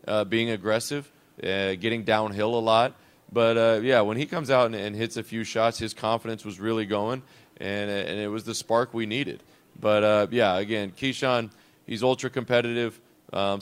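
On a coach's show, a head basketball coach talks reflectively in a loose, unscripted conversational interview. His voice is lowish and smooth.

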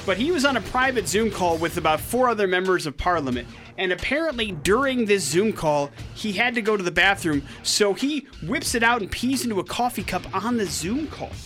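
A man hosts a radio show with a bright, slightly high voice. He tells stories in lively banter with joking asides. Faint music plays under him. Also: a little fast, hardly any pauses. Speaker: radio host. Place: radio studio.

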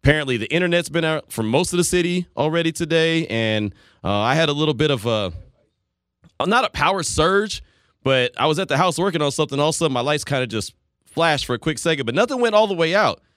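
A man's voice: on the high side, lively intonation, quick pace, a bit bright, no room sound, clean studio sound. A man hosting a sports talk radio show, chatting loosely and rambling between listener messages and calls. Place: radio studio. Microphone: studio microphone.

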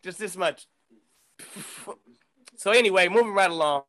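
A middle-aged man from the Bay Area talks as a podcast guest, winding through a story with restarts and swearing. His voice sits high for a man. It has a bright, forward edge. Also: normal speed. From San Francisco Bay Area. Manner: animated, profane storyteller, many restarts. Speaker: guest rapper. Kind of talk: casual storytelling chat.

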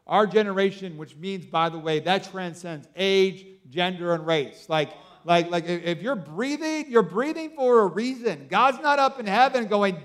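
A man in his thirties preaching a sermon, telling stories excitedly with lots of fillers like "like" and "you know". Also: high voice, normal speed, few pauses. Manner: excitable storytelling with many fillers. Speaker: pastor.

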